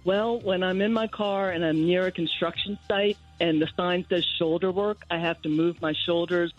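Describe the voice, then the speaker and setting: A woman calling in to a radio show, telling a story slowly and a little sheepishly. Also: lowish voice, fairly even intonation, soft background music. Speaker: caller. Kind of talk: phone call-in chat. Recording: muffled phone line.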